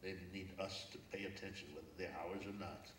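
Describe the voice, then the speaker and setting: An older man from Brooklyn speaks earnestly from a stage, telling stories in a low voice. He sounds far from the mic, and the big hall echoes around him. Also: fairly even intonation, fairly quick, background noise. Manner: reflective, storytelling, earnest. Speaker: guest speaker. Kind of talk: public forum talk. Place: lecture hall.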